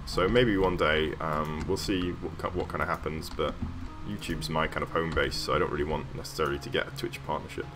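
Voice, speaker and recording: A man's voice: rumbling low, fairly even intonation, fairly quick, few pauses, over music. A man chatting casually on a livestream while building in a game, rambling with plenty of ums and small laughs. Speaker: streamer.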